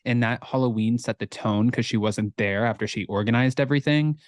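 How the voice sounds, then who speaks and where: Relaxed candid man co-hosting a podcast. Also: mid-range voice, a little fast, no room sound, studio quality. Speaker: podcast co-host. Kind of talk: casual chat.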